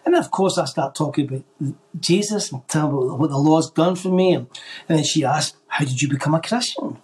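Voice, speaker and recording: A man, a podcast guest, telling a faith story in an animated way and acting out the voices of the people in it. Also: a little high, brisk. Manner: animated storyteller who acts out quoted voices. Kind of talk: telling a faith testimony in conversation.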